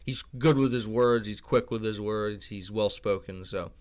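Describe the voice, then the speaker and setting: A man's voice: lowish voice, normal speed, darkish tone, smooth. A young man hosting a channel and rambling through casual commentary, with lots of swearing and restarts. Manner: rambling, profane, many restarts. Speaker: channel host.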